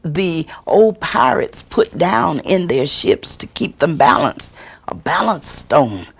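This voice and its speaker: A woman storyteller teaching a workshop and answering audience questions, expressive and deliberate, acting out the voices she quotes. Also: deep voice, vocal fry, breathy edge. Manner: slow, deliberate delivery with chuckles.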